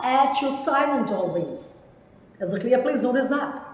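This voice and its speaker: A woman's voice: fairly high pitch, animated, normal speed. A woman in her fifties from India, teaching a spoken English lesson with emphatic, instructive delivery and repeated key words. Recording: echoey room with long reverb.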